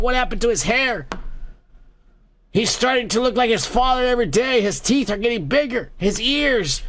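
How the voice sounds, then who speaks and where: A man's voice: high-pitched, a bit bright, slight background noise. A man hosting a comedy podcast, ranting crudely about the news and raising toasts while drinking. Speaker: podcast host. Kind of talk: profane comedic news rant.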